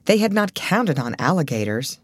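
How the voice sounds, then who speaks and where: A woman narrating an old adventure novel in an expressive, varied reading voice. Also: sits low, moderate pace, dry recording. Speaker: audiobook narrator. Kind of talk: storybook narration.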